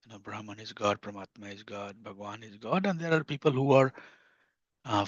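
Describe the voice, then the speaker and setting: A man's voice: mid-range voice, dry recording. A man giving a scripture class in an earnest teaching tone, often repeating key phrases. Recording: dull lo-fi dry recording.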